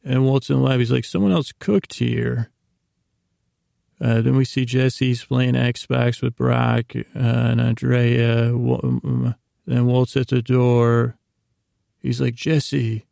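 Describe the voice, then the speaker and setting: A man with a heavily gravelly voice drifts through a casual recap for a sleep podcast, stopping and restarting as he goes. His tone stays flat and unhurried, with little rise and fall. The recording is close and dry. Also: medium pitch, dry recording. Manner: meandering, casual, many fillers and restarts. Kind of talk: rambling bedtime recap.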